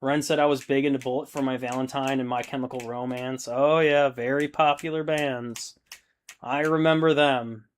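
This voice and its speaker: Running a hobby stream, a thirtysomething man talks at a moderate pace in a steady, mid-range voice. He's relaxed and meandering as he goes through viewer comments, and he curses freely.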